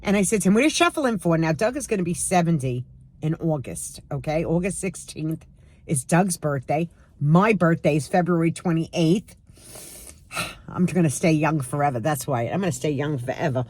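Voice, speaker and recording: A woman's voice: deep voice, moderate pace, a little mellow. A woman in her sixties chatting casually to camera at home, sarcastic and emphatic as she tells stories. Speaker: lifestyle vlogger.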